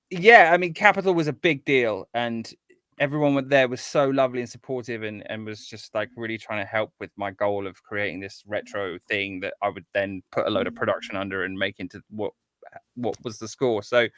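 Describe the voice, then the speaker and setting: A man's voice: mid-range voice, moderate pace, a bit bright, no echo, studio quality. A man, a guest composer talking in a casual interview, eager and rambling with many restarts.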